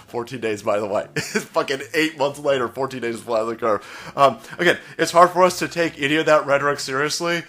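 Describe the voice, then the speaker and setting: A man's voice: a little fast, sharp tone. An American man delivering a profane, mocking comedy rant on a vlog. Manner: profane, mocking, mimics opponents in shrill high voice. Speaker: comedian and political commentator. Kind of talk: ranting vlog monologue.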